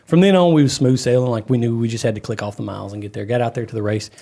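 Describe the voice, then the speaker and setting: A man, co-hosting a casual podcast and telling a story with animated energy. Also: medium pitch, very fast, vocal fry. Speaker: podcast co-host, off-road racer. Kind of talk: casual chat.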